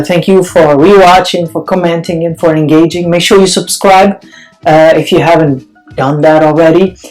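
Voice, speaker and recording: A young man from Paris with a Parisian French accent, giving a relaxed, chatty French lesson to camera. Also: a little high, low-quality recording. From France. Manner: relaxed and chatty, with many fillers. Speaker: French teacher. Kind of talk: casual language lesson to camera.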